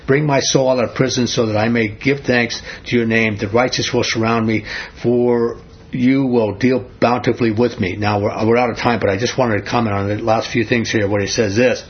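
A Bible teacher leads an interactive study, reading scripture aloud and posing questions to his group. His medium-pitched voice is steady with a breathy edge at a normal speed, and the recording is dull and lo-fi.

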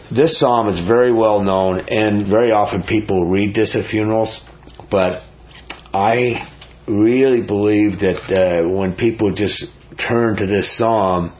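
A man's voice: on the low side, fairly even intonation, a little slow, muffled recording, slight background noise. Earnest man teaching a Bible study. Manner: earnest, conversational, quizzes listeners.

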